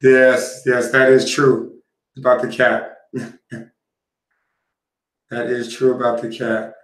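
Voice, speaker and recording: Man, stream host, mid pitch, laid-back rambling, echoey room. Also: flat delivery, takes it slowly. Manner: laid-back, meandering, lots of ums. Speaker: livestream host reacting to a video. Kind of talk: casual rambling chat.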